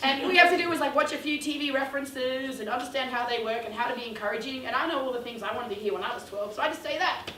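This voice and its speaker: A woman's voice: sits high, rapid-fire, few pauses, fairly bright tone, a little hiss or hum. A young woman telling a funny, self-mocking story to a youth audience, acting out the quotes with big jumps in her voice. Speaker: youth ministry speaker. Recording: roomy hall sound from a distance.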